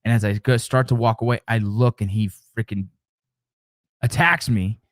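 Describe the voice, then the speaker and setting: A man's voice: lowish voice, fairly even intonation, normal speed, no echo, studio quality. A man hosting a casual live stream, chatting with viewers, joking and telling stories. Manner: joking, storytelling, reacting to chat.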